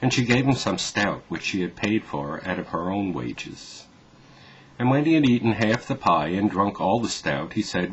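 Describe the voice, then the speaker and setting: Deep male storyteller for kids, gentle and measured; slightly dull recording. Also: lively intonation, a little hiss or hum. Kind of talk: children's story reading.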